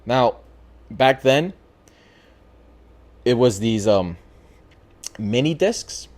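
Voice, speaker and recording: A man at middle pitch tells a spooky tale in a casual talk show. His voice rises and falls a lot as he acts things out. He talks loosely, with plenty of swearing. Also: drawn-out words. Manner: animated, profane, acts out voices in his story. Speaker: podcast host. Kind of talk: casual storytelling.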